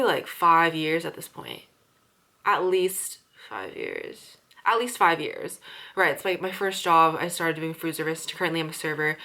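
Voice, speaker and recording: A woman's voice: medium pitch, sharp tone. A young woman who works as a restaurant server, ranting casually with lots of swearing and fillers. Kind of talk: casual chat.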